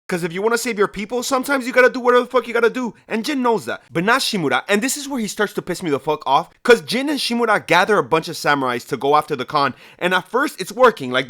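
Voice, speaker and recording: A man's voice: on the high side, fairly bright tone. A young man sarcastically retelling a video game's story with lots of slang and swearing. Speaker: video game story recapper. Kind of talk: comedic story recap.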